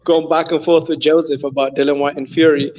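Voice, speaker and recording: A man's voice: fairly high pitch, level tone, a little fast, dull audio, slight background noise. A man from England, a guest on a casual panel, talking in an easygoing way with frequent laughs and fillers.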